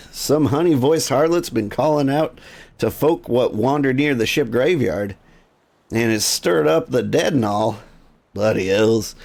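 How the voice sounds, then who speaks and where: A man doing a gruff old sea-dog sailor. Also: mid-range voice, a little mellow, pitched above the performer's own voice. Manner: salty, grumbling, drawn-out old sea dog.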